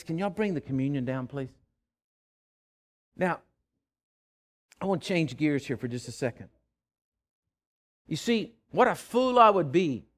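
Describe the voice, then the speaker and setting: A man preaching a sermon in a church, swinging from loud urgent calls to hushed pleading. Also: fairly high pitch. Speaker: pastor. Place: church sanctuary with live congregation.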